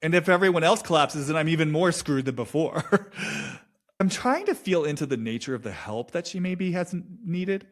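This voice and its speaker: Man doing a halting, searching intuitive reading. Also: on the high side, expressive. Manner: halting, searching, with repeated phrases and frequent "like". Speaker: intuitive reader. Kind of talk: reflective solo monologue, channeling a subject's feelings.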